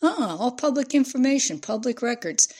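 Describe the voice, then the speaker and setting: A woman's voice: a little high, animated, a little fast, darkish tone, breathy edge, voice pushed up. Woman reads eager young assistant, breezy, a bit defensive.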